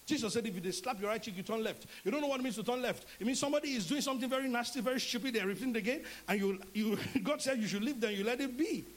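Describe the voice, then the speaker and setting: A middle-aged Nigerian man preaching a sermon as a pastor, animated and acting out dialogue in shifting voices. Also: extremely high pitch, rapid-fire, few pauses, low-quality recording.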